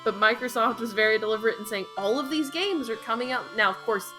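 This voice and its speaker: A woman co-hosting a casual podcast with a crisp, bright voice. She talks fast and loose, full of dry, sardonic asides. Faint music sits under her. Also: fairly high pitch. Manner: chatty, sardonic, quick asides. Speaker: podcast co-host. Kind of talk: casual chat.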